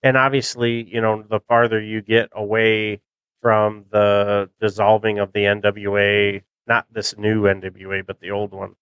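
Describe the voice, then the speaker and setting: A man's voice: fairly low pitch, completely flat delivery, measured pace, clean tone, dry recording, dull audio. A middle-aged man hosting a podcast in casual chat, rambling and nostalgic with many fillers, close to the mic. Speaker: podcast host.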